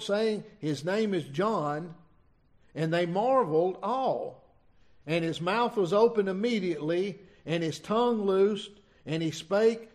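Man, folksy preacher, slightly high voice, halting delivery. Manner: folksy, halting, many restarts and asides. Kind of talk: informal sermon with scripture reading.

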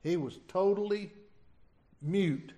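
A middle-aged man preaching an informal sermon, reading scripture and retelling it in a folksy, halting way. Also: high-pitched, dark tone. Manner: folksy, halting, many restarts and asides.

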